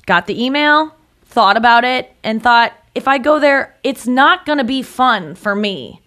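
A woman talking casually in an emphatic, animated way. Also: a little high, unhurried. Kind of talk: casual conversation.

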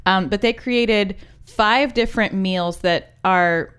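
A woman's voice: mid-range voice, takes it slowly, fairly bright tone, clean tone. A woman co-hosting a podcast in casual, wry chat, laughing often. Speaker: podcast co-host.

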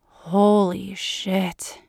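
A woman voicing an adult male lover, playful and amazed, in a soft, breathy way in a dry recording. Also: high-pitched, steady tone, normal speed, no room sound, exaggerated voice. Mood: intimate.

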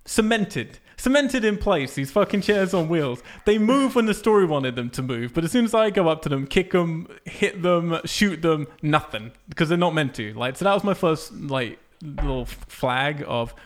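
A man on a casual talk show, ranting in an animated, profane way and breaking into laughs. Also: on the high side, moderate pace, few pauses. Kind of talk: casual chat.

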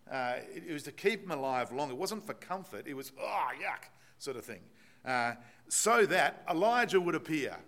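A man's voice: on the high side, a bit bright. A man preaching a sermon, explaining a Bible passage and putting rhetorical questions to the congregation.

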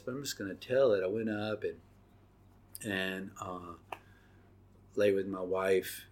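Earnest low-voiced man testifying. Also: breathy edge. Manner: earnest, halting, with many pauses and fillers. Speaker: podcast host. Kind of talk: personal testimony.

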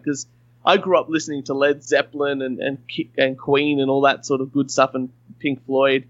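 A man's voice: a little high, a bit bright, no echo. Chatty man on a lo-fi line. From Australia. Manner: rambling, frank and chatty. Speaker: podcast guest. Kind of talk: casual podcast chat.

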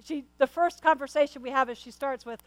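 A woman's voice: sits high, fairly quick, no echo, rough recording. A middle-aged woman pastor preaching a sermon and telling a personal story to her congregation. She talks in an earnest, conversational way and often repeats and restarts her words. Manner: speaks to the congregation directly.

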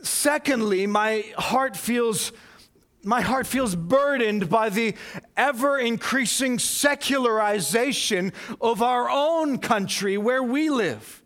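A male pastor delivers a sermon in a notably high voice, taking his time over every phrase. He drives points home through repetition, rising to loud, emphatic peaks before sinking into hushed, intense passages. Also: expressive, slow.

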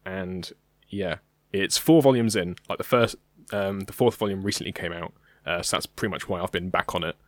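The speaker is a young British podcast co-host whose low-pitched voice moves at normal speed. His casual chat is halting and full of ums, recorded with no room sound.

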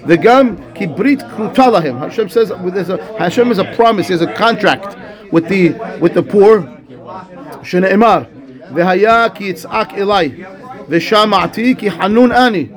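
A man teaching a Torah class as a rabbi, animated, acting out dialogue and reading Hebrew texts. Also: sits high, moderate pace.

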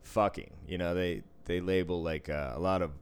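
A man with a very low voice chats casually. He rambles, swears freely and breaks into laughter as he tells his stories. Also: fairly even intonation, moderate pace, smooth. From Boston area, US. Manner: profane, rambling, laughs a lot. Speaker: podcast co-host, casino dealer. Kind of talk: casual chat.

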